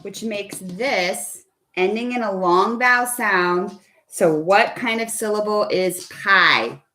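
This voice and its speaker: A woman teaches children phonics over a video call, her pace unhurried and deliberate. She is patient and coaxing, often pausing to put questions to her students. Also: medium pitch, sharp tone. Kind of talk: online phonics lesson for kids.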